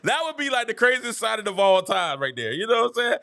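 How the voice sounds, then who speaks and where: A man's voice: high voice, lively intonation, rapid-fire, creaky, hardly any pauses, pushed and bright. A man hosting a basketball show, talking casually and animatedly and laughing at his own jokes. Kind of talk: casual sports commentary.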